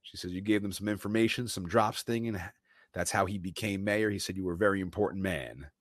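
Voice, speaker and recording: Deep-voiced male podcast co-host, casual movie recap, quotes the characters with some flair, dry close mic. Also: a little fast, dry recording. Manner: animated retelling, quoting characters.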